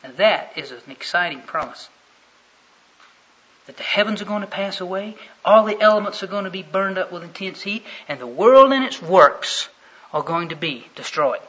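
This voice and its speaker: A male preacher with a high, bright and forceful voice delivers a sermon. He swings dramatically between hushed, low passages and loud bursts. The recording sounds dull and lo-fi. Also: lively intonation, moderate pace, breathy edge.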